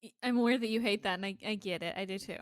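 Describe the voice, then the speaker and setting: A woman's voice: mid-range voice, racing, no echo, studio quality. A woman co-hosting a podcast, patient and dryly teasing in short interjections. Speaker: podcast co-host. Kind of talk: casual chat.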